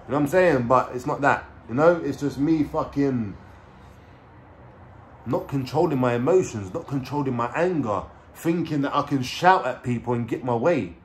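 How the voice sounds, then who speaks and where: A man's voice: mid-range voice, animated, moderate pace, a little hiss or hum. Streetwise London man telling a story. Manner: streetwise slang with swearing. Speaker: vlogger. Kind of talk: casual storytelling.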